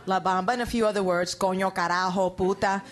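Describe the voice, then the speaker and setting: A woman's voice: mid-range voice, fairly even intonation, a little fast. A woman from New York doing a stand-up comedy set on stage. She talks in a wry, conversational way and builds each bit toward a punchline. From New York, USA. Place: comedy stage before an audience.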